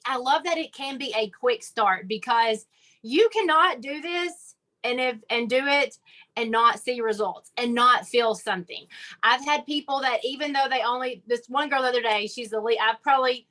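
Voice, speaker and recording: A bright, forceful woman from Arkansas talks with a Southern accent. Her voice sits a little high, and she speaks in a chatty, upbeat way on a group call. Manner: chatty, upbeat, uses y'all and like. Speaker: guest speaker on a business call. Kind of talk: casual motivational talk.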